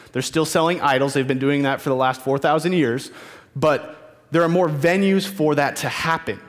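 A man's voice: a little high, long reverb tail. A man preaching a sermon as youth pastor, telling stories earnestly with emphatic repetition, in a church.

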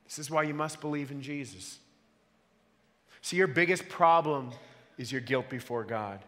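A pastor preaches to his church in a medium-pitched, slightly bright voice at normal speed. Earnest and emphatic, he frequently puts questions to the congregation, and the room carries a long hall reverb.

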